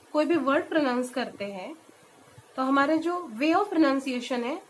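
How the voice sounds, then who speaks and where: A woman teacher with an Indian English accent, giving a classroom lesson in English and Hindi, explaining step by step and repeating each example word slowly. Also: high-pitched, a little hiss or hum, rough recording. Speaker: school teacher. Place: school.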